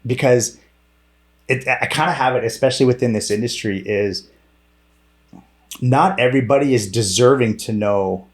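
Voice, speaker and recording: A man's voice: mid-range voice, normal speed, long pauses. Blunt, profane man in a candid interview. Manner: blunt and profane, full of fillers and restarts. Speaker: podcast guest, director and former stunt performer.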